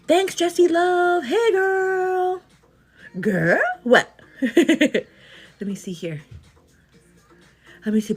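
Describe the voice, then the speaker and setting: On her casual morning livestream, a young pregnant El Paso, Texas woman giggles and chats in a very high-pitched, very animated voice. She draws out her words, leaves long pauses, and frequently says "girl."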